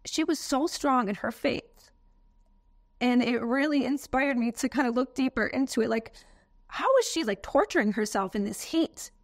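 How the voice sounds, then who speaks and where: A woman's voice: high voice, moderate pace. An American woman in an interview, telling a personal story in an earnest, emotional way. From United States. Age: adult, has a daughter.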